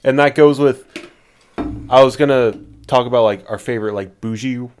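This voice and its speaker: A man's voice: mid-range voice, normal speed, darkish tone, clean tone. A young man from Indiana co-hosting a podcast, talking in a laid-back, easygoing way. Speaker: podcast co-host. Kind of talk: casual chat.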